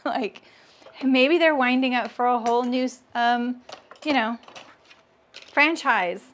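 A woman's voice: on the high side, takes it slowly, a little hiss or hum. Chatty woman sewing on a livestream. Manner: chatty, answers viewer comments, laughs at own jokes. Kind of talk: casual livestream chat while sewing.

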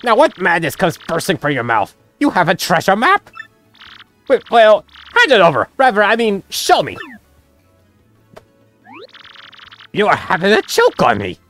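A woman's voice: mid-range voice, huge pitch swings, normal speed, a bit bright. A woman voicing a pompous, greedy rich male merchant with theatrical fake-Italian phrasing, over faint game music. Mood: indignant. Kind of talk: voicing game dialogue aloud.

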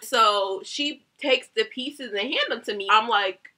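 A young woman, a hairstylist, telling a heated story about a bad salon visit, animated and swearing often. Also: on the high side, unhurried, hardly any pauses. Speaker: hairstylist vlogger. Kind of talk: casual storytime rant.

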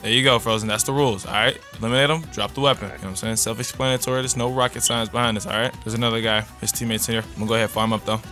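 A man's voice: medium pitch, steady tone, very fast, few pauses, pushed and bright, soft background music. A man giving hyped, slangy commentary over gameplay while talking to his teammate. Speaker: gaming YouTuber.

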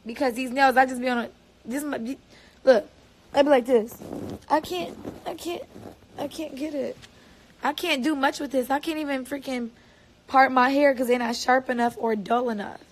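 A young woman talks on a casual livestream in a high, light voice. She rambles playfully and drops goofy little noises between thoughts. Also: fairly even intonation, normal speed, long pauses, a little hiss or hum. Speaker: singer livestreaming on tour.

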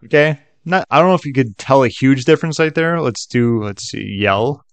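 A man's voice: mid-range voice, moderate pace, dry recording. A man hosting a casual tutorial, talking loosely with lots of "like" and "okay" as he tests sample clips. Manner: loose and chatty, many fillers like "like" and "okay". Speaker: tutorial host. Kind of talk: casual screen-recorded tutorial.

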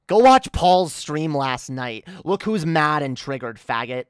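A woman with a low, clear, resonant voice speaks animatedly but a little slowly, recorded in clean studio sound with no echo. She's livestreaming a heated, angry rant, annoyed and swearing heavily, often stammering and starting her sentences over.

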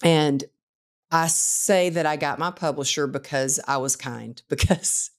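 A woman guest author telling a personal story in casual conversation, animated and acting out the voices of people in it. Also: low voice, a little slow. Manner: animated, acts out quotes in the story.

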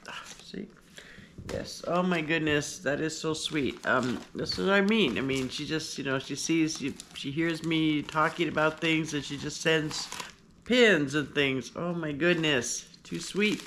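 A woman's voice: low voice, measured pace, fairly bright tone, slight background noise. Gushing woman vlogger unboxing gifts. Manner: gushing, rambling, many fillers. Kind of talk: casual unboxing chat.

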